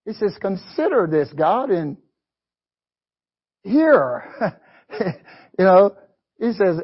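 High-voiced husky male preacher. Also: big pitch swings, extremely slow, pauses often. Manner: call-and-response asides, frequent "amen" and "you know"; reads scripture aloud in a preaching cadence. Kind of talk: sermon. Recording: dull lo-fi recording.

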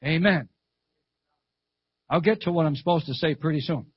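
An older male preacher delivers a sermon at a church service, spinning stories and repeating lines for emphasis. His voice sits high for a man. The recording is dull and close, with little room sound. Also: moderate pace, breathy edge, dry recording. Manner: fervent storytelling preacher, repeats phrases, calls "Amen".

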